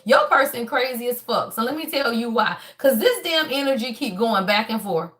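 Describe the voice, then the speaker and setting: High-voiced, emphatic, swearing woman tarot reader. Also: moderate pace. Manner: emphatic and profane, keeps tagging lines with y'all; animated, breaks into laughs and shouts. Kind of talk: casual tarot reading to viewers.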